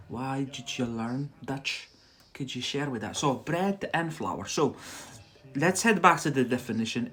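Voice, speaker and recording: Slow-talking Scottish man teaching English. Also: mid-range voice, slightly rough. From Scotland. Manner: chatty, repeats words slowly for learners. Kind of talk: livestreamed English lesson.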